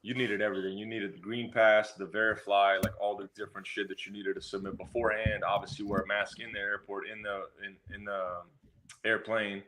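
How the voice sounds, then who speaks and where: Blunt, profane fighter, low voice. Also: male voice, little pitch movement, a little fast, a bit bright, a little hiss or hum. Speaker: guest fighter. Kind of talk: casual interview chat.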